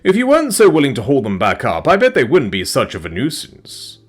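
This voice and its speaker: A man voicing a kind, motherly female dragon who speaks politely and teases gently in a storybook reading. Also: medium pitch, huge pitch swings, a little fast, slightly rough, pitched above the performer's own voice. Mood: fond teasing. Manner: polite, wistful, playful.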